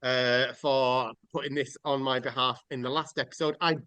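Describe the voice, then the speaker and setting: A man's voice: mid-range voice, fairly even intonation, normal speed, bright, forceful tone, clear, resonant tone, dry recording. A man hosting a casual podcast chat, rambling through mock rants with jokes and the odd swear word. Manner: joking, rambling, swears freely. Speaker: podcast host.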